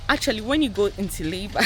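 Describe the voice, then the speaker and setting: A young woman vlogger telling a personal story to her viewers in a casual, animated way, laughing often and acting out what people said. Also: medium pitch, brisk, a little hiss or hum. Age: young adult. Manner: animated, laughing, acts out quotes.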